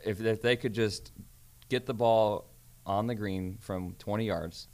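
A man's voice: lowish voice, fairly even intonation, a little slow, a little mellow. A man who is a professional golfer, talking earnestly as a guest in a casual chat, often restarting his sentences.

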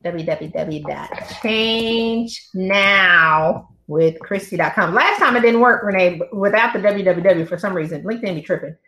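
A woman, coaching on pay with a lively, preacher-like cadence and acted-out dialogues. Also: mid-range voice, a little slow, reverberant. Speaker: guest coach on pay negotiation. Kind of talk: lively conversational advice on a live stream.

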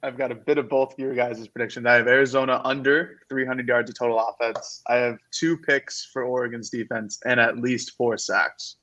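A man's voice: medium pitch, little pitch movement, normal speed, hardly any pauses, sharp tone. A man co-hosting a casual sports podcast, laying out earnest, detailed analysis of players and picks. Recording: dull lo-fi mic.

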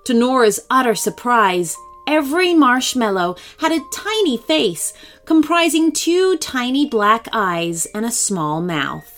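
Expressive woman reading a children's story. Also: on the high side, measured pace, faint music behind. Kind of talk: children's story read-aloud.

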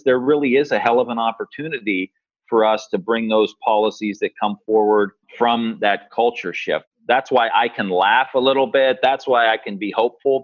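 A man's voice: fairly low pitch, husky, no echo, dull audio. A man speaking as a guest politician in an interview, earnest and hopeful, thinking aloud. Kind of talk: interview talk.

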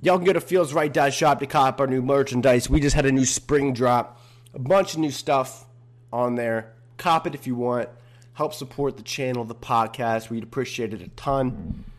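A young man with a medium-pitched voice hosts his own podcast alone. He chats loosely and easily in slang, calling listeners bro and man. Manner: laid-back slangy talk, bro and man. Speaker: podcast host. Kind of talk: casual solo podcast chat.

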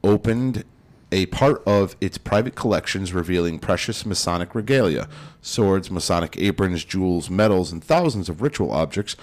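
A man's voice: sits low, expressive, moderate pace, darkish tone. A man hosting a casual podcast, reading out list items and adding blunt, offhand comments. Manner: reads items out, then adds blunt offhand remarks.

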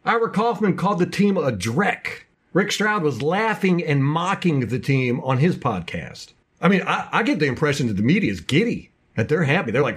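A man co-hosting a casual sports podcast, ranting passionately in fast bursts about his local team. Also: fairly high pitch, sing-song, fairly bright tone, breathy edge. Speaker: podcast co-host.

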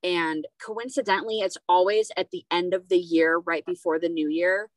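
A woman's voice: fairly low pitch, fairly even intonation, normal speed, no echo, rough recording. A woman hosting a casual podcast conversation, talking in a rambling, hesitant way with many fillers. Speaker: podcast host.

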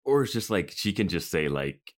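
Male podcast co-host, extremely low voice, rambling casual talker. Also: sing-song, moderate pace. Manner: rambling, restarts thoughts mid-sentence. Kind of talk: casual chat.

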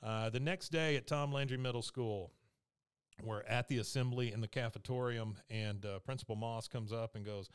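A man's voice: medium pitch, moderate pace, clear, resonant tone. A man, casually recapping a TV episode and acting out the characters' lines, laughing often. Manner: animated storytelling, acting out quotes, laughs often. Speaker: podcast co-host recapping an episode.

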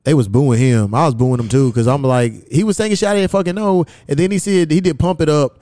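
A man's voice: fairly quick, mellow, no room sound. Young man, podcast host, casual profane storytelling, dry close sound. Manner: profane storytelling, swings pitch high for quoted asides.

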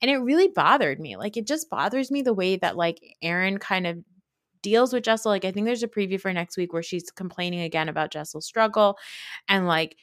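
A woman's voice: mid-range voice, a little fast, no echo, clean studio sound. A young adult woman hosting a podcast, recapping a reality show in a blunt, profane, casual rant full of "like.". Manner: blunt, profane, animated ranting with frequent "like". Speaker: podcast host.

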